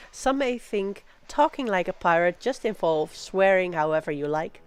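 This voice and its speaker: A woman hosting a casual livestream, reading aloud slowly and breaking into loud, playful pirate exclamations. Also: fairly low pitch, no room sound. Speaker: livestream host.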